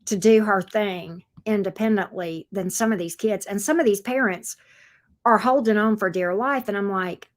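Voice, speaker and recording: A woman's voice: medium pitch, normal speed. A woman, hosting a casual tarot livestream, talking bluntly and reading viewer comments aloud. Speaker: tarot reader livestream host.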